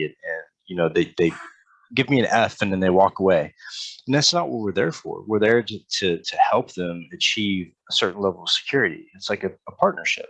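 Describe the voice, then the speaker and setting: A man's voice: sits low, a little fast, fairly bright tone, dry recording. A man hosting a podcast, talking casually and earnestly, often repeating words as he starts a sentence. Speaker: podcast host. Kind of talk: casual interview chat.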